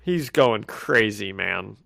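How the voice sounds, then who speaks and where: This podcast co-host speaks slowly in a fairly low voice with vocal fry, captured in studio quality with no echo. He recaps comic issues casually and with animation, performing quoted lines in character voices.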